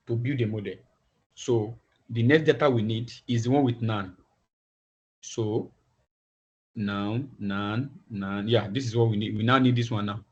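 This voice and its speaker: A man teaching a class online, talking in halting phrases and often repeating words as he thinks aloud. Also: medium pitch. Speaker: instructor. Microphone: video call. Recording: dull lo-fi video call audio.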